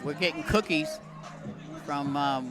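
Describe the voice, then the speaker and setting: A man calling a local high school football game as play-by-play announcer from the press booth. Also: slow. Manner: excited shouting on big plays. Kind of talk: local sports commentary. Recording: loud crowd and music behind.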